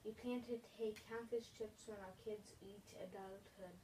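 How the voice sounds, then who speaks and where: An adult woman reading sentences and word lists aloud in a lesson, careful and halting, often restarting words. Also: mid-range voice, fairly even intonation, dark tone. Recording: distant mic, faint hum.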